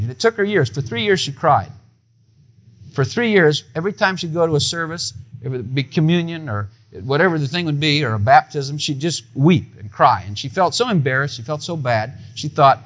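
A man's voice: on the high side, fairly bright tone, breathy edge. A man in his fifties giving an earnest, emotional personal testimony, often stammering and repeating words. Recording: dull lo-fi recording.

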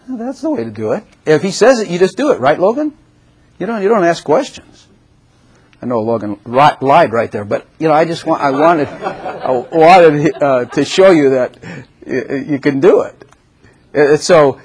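Husky older preacher, animated exhortation. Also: male voice, on the high side, moderate pace. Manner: animated, exhorting, often acting out quoted prayers. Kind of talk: sermon.

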